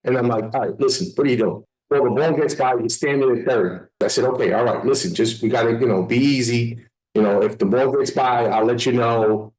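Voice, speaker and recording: A man hosting a podcast, telling stories in a lively way and acting out what people said. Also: mid-range voice, brisk, poor audio. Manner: animated storyteller, acts out quotes. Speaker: podcast host. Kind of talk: casual podcast chat.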